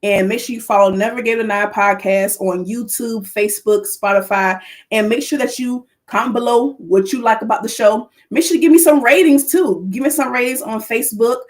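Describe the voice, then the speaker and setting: Woman podcast host, lively, excited live-stream chat. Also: a little high, brisk. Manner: lively, excited, calls to the audience. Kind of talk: livestream chat to viewers.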